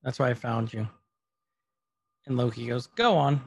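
A man's voice: medium pitch, little pitch movement, moderate pace, vocal fry, darkish tone, slightly rough. A man casually recapping a TV episode on a podcast, retelling scenes and quoting the characters as he goes. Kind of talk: casual chat.

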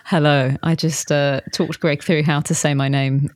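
A woman speaks as a podcast guest, modest and quick to laugh at herself. Her voice sits a little low for a woman. The recording is dry and close, with no room sound. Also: level tone, a little mellow, no room sound. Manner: modest, self-deprecating, laughs often. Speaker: guest musician. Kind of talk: casual interview chat.

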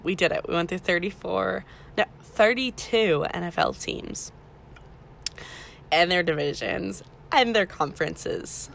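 A woman's voice: lowish voice, lively intonation, a little slow, vocal fry, a bit bright, slight background noise. A woman hosting a casual podcast, talking beginners through the basics in a chatty way and correcting herself as she goes. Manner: chatty, self-correcting, teaching beginners step by step. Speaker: podcast host.

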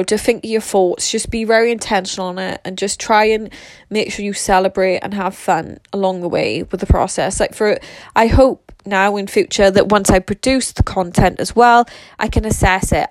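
A woman's voice: mid-range voice, normal speed, no echo. A young woman, talking casually and rambling in a solo monologue as a social media creator, swearing freely. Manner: rambling, swears freely, lots of "like" and "you know".

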